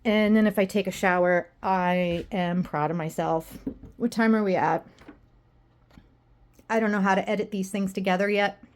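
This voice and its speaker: A woman's voice: mid-range voice, fairly even intonation, normal speed. A woman vlogging at home in a rambling, self-deprecating, exasperated way. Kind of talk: casual personal vlog.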